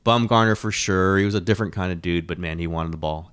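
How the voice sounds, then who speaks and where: Middle-aged male sports host, deep voice, rambling, animated, casual. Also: fast, clean tone. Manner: rambling, animated, swearing, frequent restarts. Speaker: sports columnist and podcast host.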